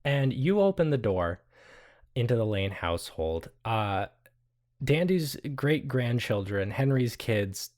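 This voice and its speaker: A man's voice: mid-range voice, big pitch swings, takes it slowly, a little mellow. A young man narrating as game master in a casual, profane way. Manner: casual, profane, laughing asides.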